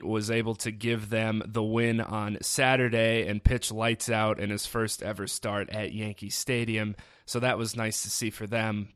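A man's voice: lowish voice, fairly bright tone, dry recording, clean studio sound. A man hosting a sports podcast alone, talking casually with sarcastic asides. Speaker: podcast host. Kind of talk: solo sports podcast commentary.

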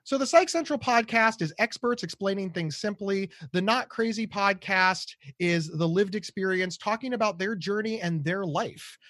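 American male guest, lively self-promoting chatter, slightly high voice, dry close sound. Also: normal speed, few pauses, dry recording. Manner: animated, self-promoting, joking. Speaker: podcast guest, author. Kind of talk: casual podcast chat.

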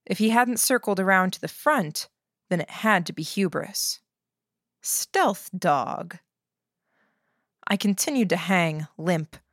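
A woman reading a first-person novel aloud in a steady, measured way. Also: medium pitch, no room sound, clean studio sound. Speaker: audiobook narrator.

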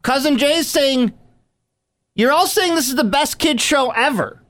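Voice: sits high, a bit bright. A morning radio host bantering playfully with a co-host and introducing a guest. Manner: playful, quick to riff. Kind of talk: casual morning show banter.

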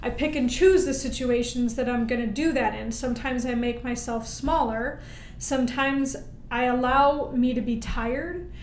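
A woman guest, a military veteran, telling her story in an animated, emphatic way and often checking in with "right?". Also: on the high side, a little hiss or hum. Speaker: interview guest, military veteran and Paralympic-style powerlifter. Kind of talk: storytelling in conversation. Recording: roomy echo.

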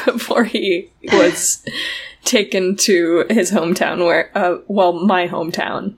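A woman's voice: medium pitch, a little hiss or hum. A woman with a Southern Utah accent co-hosting a podcast in casual chat, laughing often and using lots of "like" and "um". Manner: slow, laughing, filler-heavy. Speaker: podcast co-host.

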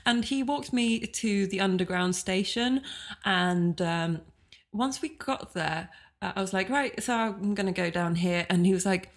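A woman's voice: mid-range voice, a little slow, music in the background. Chatty woman co-host telling stories. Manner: chatty, storytelling, self-deprecating. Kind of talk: casual podcast chat.

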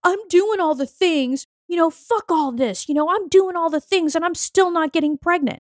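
A woman's voice: very high voice, moderate pace, dry recording, studio quality, pitched above the performer's own voice. A woman voicing an exasperated woman who is fed up with waiting for a baby, complaining indignantly.

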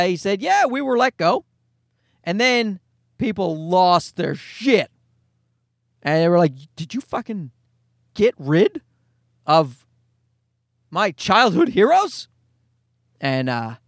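A man telling a comedic rant with a profane, exasperated, animated delivery. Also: high-pitched, no echo, studio quality. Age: adult parent.

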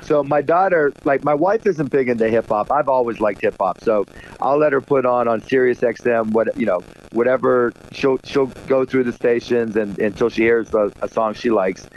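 A man's voice: mid-range voice, moderate pace. A man being interviewed, telling a long, rambling story with lots of "you know", in casual chat. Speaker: guest. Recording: dull lo-fi line with faint noise.

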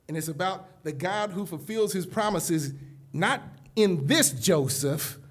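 High, animated male preacher. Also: unhurried. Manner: emphatic preaching that swells from hushed asides to loud calls; addresses the audience directly, repeating "listen carefully". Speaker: keynote preacher. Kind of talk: sermon. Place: conference session before a live audience.

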